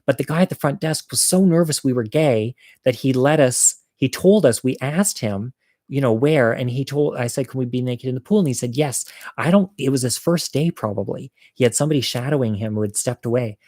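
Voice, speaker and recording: A man's voice: mid-range voice, fairly quick, darkish tone, dry recording, studio quality. A man telling a personal story in a casual, profane way, acting out the lines of the people in it. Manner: casual, profane, acts out quoted dialogue. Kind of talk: personal story told to an audience.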